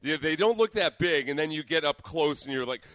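A man's voice: on the high side, lively intonation, fairly quick, fairly bright tone, no room sound. A man co-hosting a radio talk show, giving wry, opinionated takes in casual banter. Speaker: radio co-host.

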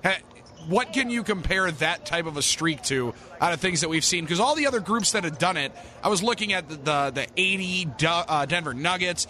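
Bright-voiced upbeat sports radio host. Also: male voice, on the high side, expressive, a little fast. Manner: smooth, upbeat broadcaster delivery. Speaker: postgame radio show host. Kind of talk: sports radio postgame chat.

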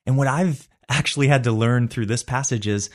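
A man's voice: medium pitch, a little fast. A man hosting a devotional Bible study, talking in an earnest, reflective and conversational way.

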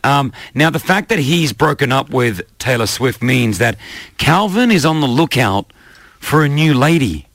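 A man hosting a comedy radio show, chatty and quick to repeat himself. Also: mid-range voice, expressive, fairly bright tone, no echo, studio quality.

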